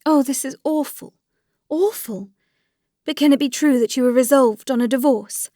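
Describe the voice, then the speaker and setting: A woman's voice: steady tone, brisk, dark tone, no room sound, studio quality, lightly acted. A woman voicing a desperate pleading noblewoman. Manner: pleading, rising to high distress. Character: anguished noblewoman pleading for her friend.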